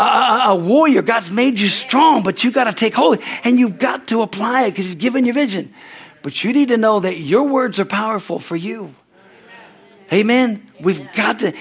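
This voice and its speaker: Southern pastor guy preaching hard at church, high voice, throws in amens and hallelujahs. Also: gravelly, breathy edge. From Southern United States. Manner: fervent preaching with call-and-response asides. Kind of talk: sermon. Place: church service.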